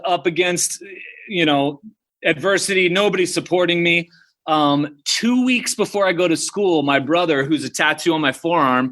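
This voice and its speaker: An American man in his thirties, guesting on a podcast, tells personal stories casually in a slightly high, somewhat bright voice. He says "like" and "dude" all the time.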